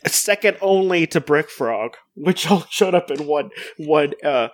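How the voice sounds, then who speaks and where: Male podcast co-host, rambling and casual, a bit high, dry mic. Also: animated, measured pace, no room sound. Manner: rambling, full of "like" fillers and restarts. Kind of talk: casual chat.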